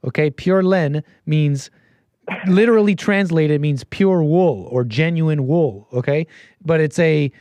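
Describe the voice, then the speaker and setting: A man hosting a call-in stream in a loose, meandering way, often stopping mid-sentence to hunt for the right word. His voice sits a little high for a man. The sound is dry and close, with no room behind it. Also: unhurried, darkish tone, smooth, dry recording. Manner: meandering, searching for words. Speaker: call-in show host. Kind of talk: casual call-in talk.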